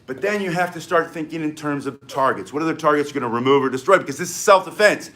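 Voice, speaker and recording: Excitable older man teaching stick self-defense. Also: fairly high pitch, fast. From United States. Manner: energetic, excitable, emphatic commands. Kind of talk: live-streamed martial arts lesson. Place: home in South Florida.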